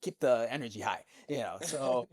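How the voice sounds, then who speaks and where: A man's voice: medium pitch, lively intonation, normal speed, darkish tone, no room sound, clean studio sound. Man casually recapping a football match. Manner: profane, jokey, recaps match moments. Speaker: podcast host.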